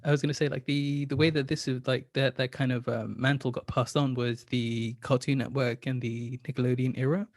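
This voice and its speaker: A man's voice: medium pitch, little pitch movement, fairly quick, hardly any pauses, no room sound, clean studio sound. Enthusiastic man, filler-heavy chat. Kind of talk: casual podcast chat.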